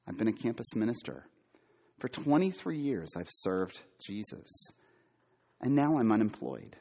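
A middle-aged man preaching a sermon, quizzing his listeners and repeating key words for emphasis, sometimes loud and sometimes hushed. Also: on the low side, expressive, measured pace, slightly rough. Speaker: preacher, former campus minister.

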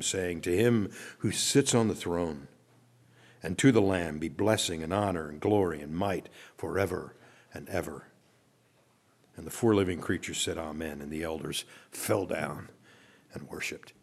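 A man preaching a sermon as pastor. He speaks earnestly, reads long scripture passages aloud, and lets his voice drop soft and low at the ends of phrases. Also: normal speed.

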